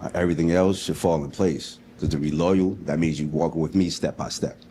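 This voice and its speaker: A man's voice: a bass voice, fairly even intonation, fairly quick, mellow, a little hiss or hum. A man in his fifties, a contestant on a dating show, answering in a laid-back way. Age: 50s.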